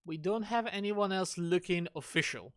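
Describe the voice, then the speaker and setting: A man's voice: high voice, normal speed, smooth, no room sound, clean studio sound. A man streaming a game, chatting casually and musing aloud, asking himself questions. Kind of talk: casual gaming commentary.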